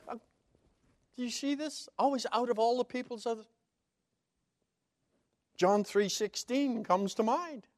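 A man's voice: very high-pitched, measured pace, long pauses, dry recording, studio quality. A man preaching a sermon as Bible teaching, stressing key words emphatically and explaining Hebrew terms one by one.

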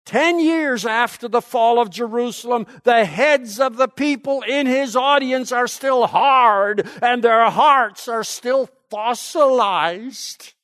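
A man's voice: very high-pitched, takes it slowly, few pauses, fairly bright tone, no room sound, clean studio sound. A man teaching a Bible lecture, emphatic and fond of rhetorical questions.

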